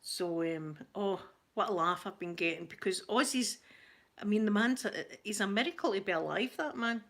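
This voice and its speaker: A woman's voice: mid-range voice, lively intonation, moderate pace, a bit bright. Chatty Scottish woman, giggly. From Scotland. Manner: chatty, giggly, self-deprecating. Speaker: ASMR channel host. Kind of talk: casual live chat reading comments.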